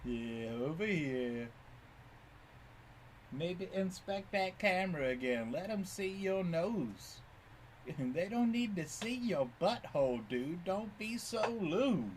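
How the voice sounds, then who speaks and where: Slow, playful man teasing his cat. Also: high-pitched, sing-song, a little hiss or hum. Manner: playful, teasing, laughs often. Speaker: pet owner filming his cat. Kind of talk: casual talk to a pet.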